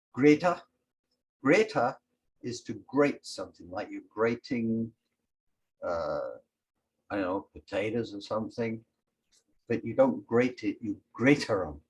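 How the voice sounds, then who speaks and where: A man teaching a language lesson, explaining words slowly and calling out each one with emphasis. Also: medium pitch, darkish tone, rough recording. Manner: slow and explanatory, sounding out each word with emphasis.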